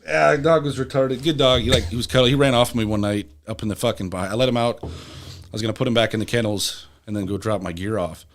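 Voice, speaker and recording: A man's voice: mid-range voice, fast talker. A young adult man, a podcast guest, telling rambling, profane stories in casual talk. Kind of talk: casual storytelling.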